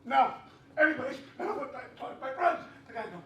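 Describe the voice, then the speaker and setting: A man doing open-mic stand-up at a convention, telling a rambling story with loud shouted punchlines. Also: very high voice, wildly swooping pitch, fairly quick, long pauses, slight background noise. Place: convention panel room. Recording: echoey room, mic from far off.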